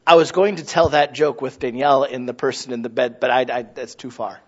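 A man in his thirties preaching a sermon, animated and acting out little scenes in other voices. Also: mid-range voice, a little fast, muffled recording. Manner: animated, mimics voices for illustrations. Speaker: pastor.

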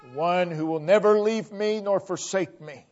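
A man preaching a sermon, slow and emphatic, repeating a refrain and swinging between loud declarations and hushed tones. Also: high-pitched. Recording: dull lo-fi recording.

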